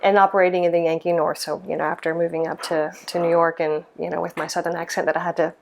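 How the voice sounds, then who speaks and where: A woman's voice: fairly low pitch, little pitch movement, fast, gravelly, a little mellow, slight background noise. A middle-aged woman from Mississippi, a lighting designer, answering interview questions in a thoughtful way, with many ums and restarts. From Mississippi, USA.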